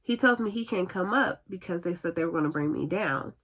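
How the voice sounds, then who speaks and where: Speaking fairly quickly in a fairly low voice, a woman tells a personal story for a casual storytime vlog. She's chatty and animated, performing the lines other people said.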